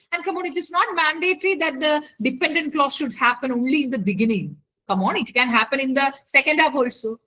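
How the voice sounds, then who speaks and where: Woman tutor, high bright voice, coaxing tone, lo-fi call audio. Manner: coaxing, keeps checking with the class. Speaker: IELTS speaking tutor. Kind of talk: live online lesson. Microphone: video call.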